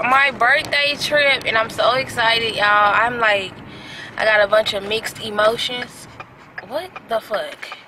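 A young woman vlogging in a casual, chatty way from inside a car, excitable and freely swearing while she drives. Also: a little high, noisy background. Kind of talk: casual vlog chat.

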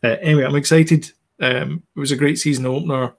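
A man's voice: fairly high pitch, fairly even intonation, fast talker, vocal fry. Chatty man explaining with many restarts. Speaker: podcast co-host. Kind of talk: casual chat.

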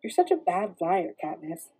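A woman's voice: lowish voice, sing-song, moderate pace, breathy edge, poor audio. Peeta, read by a woman as a wry wounded young man. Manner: wry, soft-spoken.

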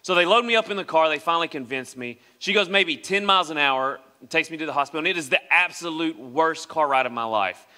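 A young man from West Tennessee, preaching as a pastor and telling a personal story in an animated way, acting out the voices of the people in it. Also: on the high side, fast, few pauses. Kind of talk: sermon storytelling. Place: church sanctuary. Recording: long reverb of a church hall.

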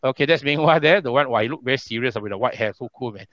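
A man's voice: medium pitch, fast talker, few pauses, a bit bright, dry recording, muffled recording. A Singaporean man hosting an online political rally over a video call, chatty, with many fillers and repeats. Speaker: rally emcee.

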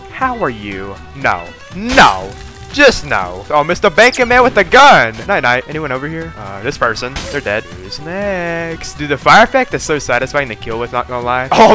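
Male game streamer, excitable and jokey commentary, bright, pitch jumps all over. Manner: excitable, jokey, reads chat aloud, frequent laughs. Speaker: gaming video creator. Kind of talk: casual gameplay commentary.

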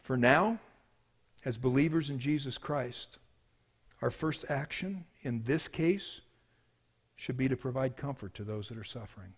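A man preaching a sermon as pastor, telling a story with swings from hushed to loud. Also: mid-range voice, unhurried, long pauses, husky.

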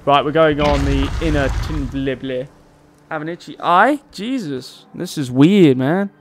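A man's voice: a little high, unhurried. A man giving playful, joking commentary while playing a video game. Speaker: gaming channel host. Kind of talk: let's-play commentary. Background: game music.

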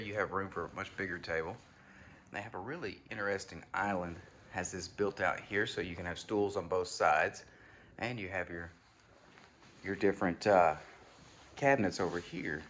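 A man with a deep, fairly bright voice hosts a home tour, casually and enthusiastically walking viewers through a new house and calling them y'all. A little hiss or hum sits in the background.

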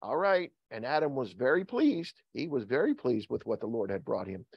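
A man's voice: normal speed, vocal fry, breathy edge, dry recording, highs cut off. A man preaching a sermon as pastor, joking and asking the congregation questions. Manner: joking, asks the congregation questions, lively swings in pitch. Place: church. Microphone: video call recording.

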